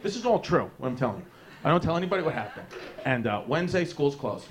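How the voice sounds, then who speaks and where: A man's voice: a little high, sing-song, fast talker, crowd noise. A man, doing profane, rambling stand-up storytelling on a club stage. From New York. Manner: brash, profane, rambling with fillers. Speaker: stand-up comedian. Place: comedy club stage with live audience.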